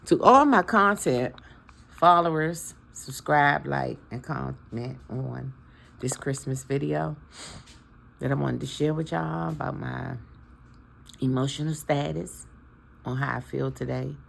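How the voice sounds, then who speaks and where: A woman's voice: rumbling low, takes it slowly, vocal fry, a bit bright, slight background noise. A woman in her fifties talking to her followers in a casual, heartfelt and preachy way, emotional about her family. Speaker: vlogger. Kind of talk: casual heartfelt talk to camera.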